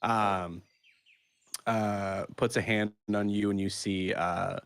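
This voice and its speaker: Halting low-voiced man as game master. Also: steady tone, gravelly, clear, resonant tone, dry recording. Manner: halting, many ums and restarts. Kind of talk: narrating a tabletop game.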